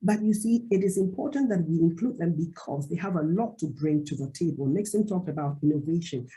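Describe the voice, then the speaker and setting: A woman's voice: fairly low pitch, warm tone, breathy edge, rough recording. A woman panelist making an emphatic, persuasive case in an online discussion.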